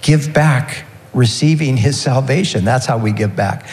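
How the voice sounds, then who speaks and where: Earnest male preacher in a reverberant hall. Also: medium pitch. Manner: earnest, warm preaching with slow emphatic pauses. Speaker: pastor. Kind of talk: sermon.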